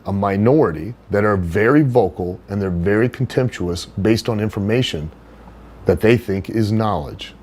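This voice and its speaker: A middle-aged man, a wrestler, chatting as a podcast guest, blunt and profane, telling animated stories. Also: on the low side. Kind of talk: casual chat, storytelling.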